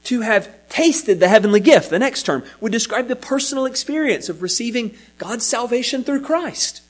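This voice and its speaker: A man preaching a sermon that teaches from scripture, with an emphatic delivery that keeps rising and falling and now and then repeats a word. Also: high voice. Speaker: pastor.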